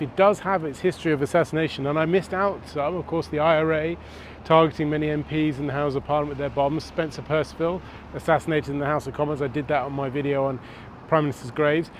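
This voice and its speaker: Male history presenter, slightly higher voice, storytelling on location with faint traffic behind. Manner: storytelling, conversational, dramatic pauses. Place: outdoors on city streets.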